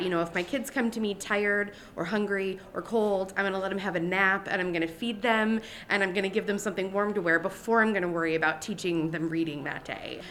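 A woman's voice: lowish voice, a bit bright, a little hiss or hum. A woman teacher answering interview questions in an earnest, upbeat way. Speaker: regional teacher of the year guest.

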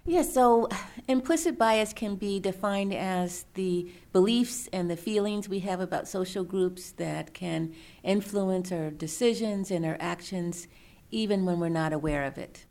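A middle-aged woman, an author and researcher, answering interview questions in a thoughtful, measured storytelling manner. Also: mid-range voice, a little mellow.

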